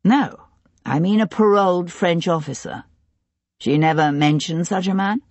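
An audiobook narrator voicing an aristocrat and former officer who speaks in a firm, measured way. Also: mid-range voice, darkish tone, no echo, natural voice. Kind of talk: audiobook character reading.

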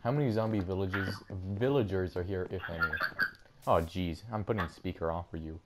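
Deep-voiced young man, laid-back gamer. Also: moderate pace, background noise. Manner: laid-back, jokey, slangy. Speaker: host and player. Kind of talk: casual gaming chat.

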